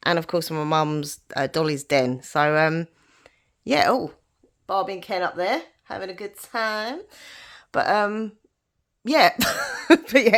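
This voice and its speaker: A woman chatting casually in a home vlog, rambling and giggly, her voice a bit nasal from hay fever. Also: mid-range voice. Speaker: vlogger.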